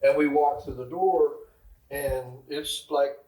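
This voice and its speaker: A man's voice: fairly high pitch, fairly even intonation, slow, mellow, recorded from a distance. A male podcast co-host chatting casually, acting out cheerful greetings in his stories. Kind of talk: casual chat. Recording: roomy, off-mic, faint noise.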